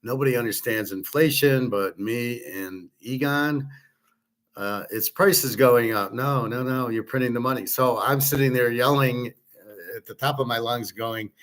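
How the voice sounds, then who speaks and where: A man's voice: lowish voice, a little slow, a bit bright. A man hosting his own show, giving a blunt, rambling commentary monologue with frequent swearing and filler words. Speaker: host.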